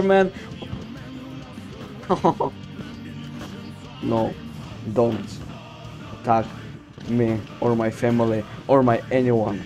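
A young man from the Balkans casually commenting on his strategy game, boasting, swearing and joking to himself as he plays, with loud music behind him. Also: mid-range voice, very slow, long pauses. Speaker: streamer playing a strategy game. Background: loud background music.

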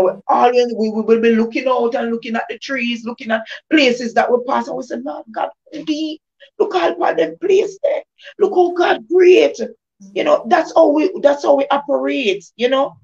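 A woman gives an informal devotional testimony, repeating phrases in an emphatic preaching cadence. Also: a little high. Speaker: devotional speaker. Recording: dull lo-fi recording.

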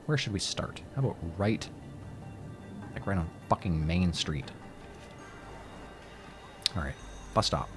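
A man's voice: low voice, lively intonation, measured pace, long pauses. Profane, rambling gamer guy. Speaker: let's play host. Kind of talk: casual gameplay commentary. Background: game music.

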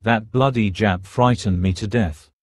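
A man voicing a feverish young British officer, speaking weakly and slowly. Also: fairly low pitch, dry recording. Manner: weak, slow, tired. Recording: dry close studio recording.

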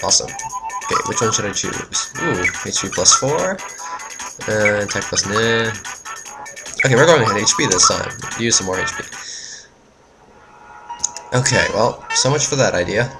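A woman's voice: extremely low pitch, expressive, moderate pace, pauses often. A woman giving let's-play commentary on a game, easily frustrated, cursing and talking back at the enemies. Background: game music.

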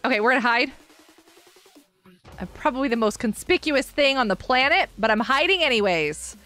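Giggly high-voiced woman streamer. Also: expressive, moderate pace, sharp tone, soft background music. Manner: giggly, chatty, reading chat aloud. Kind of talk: live game stream chat.

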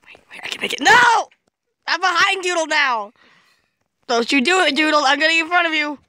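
A woman's voice: high-pitched, fast, pushed and bright. A woman chatting casually while playing a game with a friend, playful and teasing, breaking into shrieks and laughter. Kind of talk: casual gameplay commentary.

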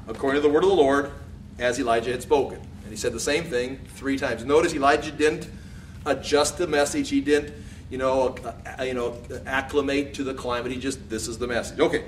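A man teaching through a Bible passage, reading verses aloud and then commenting in a loose, conversational way. He gets louder and higher when he quotes speech. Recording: distant mic, faint background hum.

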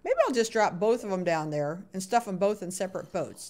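A woman's voice: medium pitch, expressive, fairly quick, darkish tone, slight background noise. Chatty woman streaming a block game. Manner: chatty, coaxing game characters in a sing-song voice; reads out viewer chat names and answers them. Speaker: Minecraft streamer. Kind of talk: casual live-stream gaming chat.

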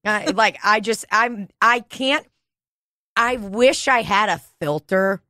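A woman co-hosts a podcast in a studio, telling a story through casual, profane chat. Her voice is medium-pitched, slow, pushed, and bright, with clean studio sound and no echo.

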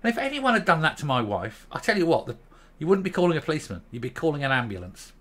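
Guy in his 50s ranting to camera, sweary, bright sharp voice, raised pitch. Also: quick pace. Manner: heated, blunt and profane, keeps stopping to calm down. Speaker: commentary channel host. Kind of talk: angry opinion rant to camera.

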